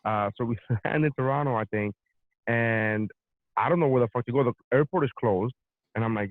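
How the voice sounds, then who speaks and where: A man's voice: mid-range voice, fairly quick, no echo. A male podcast host and comedian telling a long anecdote in casual chat, swearing freely and acting out the voices of people in the story. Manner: profane, animated, acts out both sides of anecdotes. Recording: dry phone-like sound.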